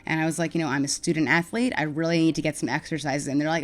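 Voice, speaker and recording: A young woman with a New York accent, frankly and wryly telling her own story to camera, turning loud and heated as she retells arguments. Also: sits low, steady tone, rapid-fire, soft background music. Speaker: mental health advocate vlogger. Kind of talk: casual personal storytelling to camera.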